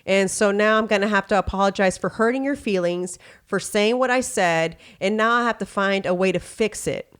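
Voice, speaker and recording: In a casual, candid podcast chat, a woman from Texas keeps her medium-pitched voice clear and resonant at a normal speed. Filler phrases come often, and she drops into different voices when quoting dialogue.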